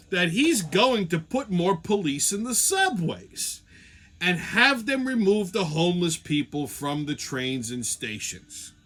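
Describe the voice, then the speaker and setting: Man, show host, comedic rant, swearing and sarcastic, bright forceful tone. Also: sits high. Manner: profane, sarcastic and rambling.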